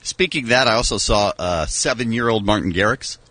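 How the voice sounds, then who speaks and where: A man chatting casually on studio radio, wandering through long stories with a wry edge. His pitch rises and falls freely. The sound is close and dry. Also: lively intonation, a little fast, sharp tone, no echo. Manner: wry, rambling storyteller. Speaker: radio show regular.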